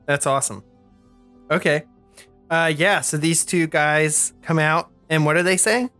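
A man's voice: on the high side, unhurried, sharp tone, faint music behind. A man running a tabletop game as game master, rambling with many fillers. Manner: rambling, lots of "like" and "you know".

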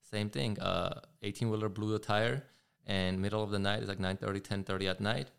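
A man's voice: fairly low pitch, fairly even intonation, fairly quick, vocal fry, fairly bright tone, smooth. A man who rides motorcycles, a guest talking casually and thoughtfully, often restarting his sentences. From California. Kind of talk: casual interview talk.

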